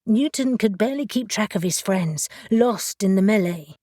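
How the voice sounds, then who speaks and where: A woman narrating a fantasy audiobook in a steady storytelling manner. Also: medium pitch, normal speed, hardly any pauses, no room sound, clean studio sound. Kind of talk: scripted narration.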